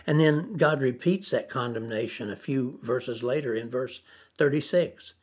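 A man preaching a sermon, slow and deliberate, repeating phrases for emphasis. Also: medium pitch, a little mellow, husky.

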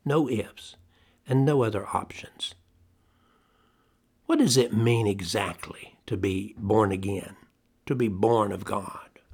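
A middle-aged man delivers a sermon in a lowish voice. He speaks emphatically and slows right down to press key phrases home, repeating lines for weight. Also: a little mellow, breathy edge. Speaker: preacher.

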